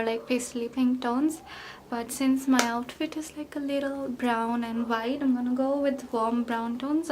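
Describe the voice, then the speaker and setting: A young woman with a somewhat high voice, chatting her way through a get-ready-with-me makeup routine. She rambles, piles on fillers and pokes fun at herself. Faint noise sits behind her. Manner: rambling, filler-heavy, self-deprecating. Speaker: beauty vlogger.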